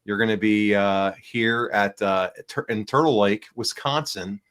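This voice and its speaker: A man's voice: fairly low pitch, measured pace, fairly bright tone, clean tone. A man hosting a casual podcast, nasal and congested from the flu, upbeat and rambling with fillers. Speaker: podcast host. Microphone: small backup microphone.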